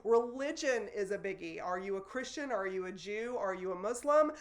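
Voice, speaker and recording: A woman's voice: mid-range voice, animated, normal speed. A woman, teaching a sociology lesson to students in a loose, conversational way with fillers and self-corrections. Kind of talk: recorded classroom lecture. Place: classroom in front of a board.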